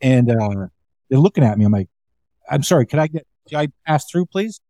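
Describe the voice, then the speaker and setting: A man's voice: medium pitch, lively intonation, fairly quick, mellow, dry recording. A comedian telling casual, rambling club stories, acting out the quoted lines as he goes. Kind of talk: casual storytelling chat.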